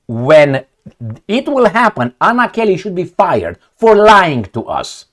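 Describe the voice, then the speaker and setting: A man's voice: high-pitched, very animated, unhurried, a bit bright. A middle-aged man from Romania, giving blunt, sardonic, unscripted commentary on news headlines. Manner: blunt and sardonic, storytelling asides. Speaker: political commentator.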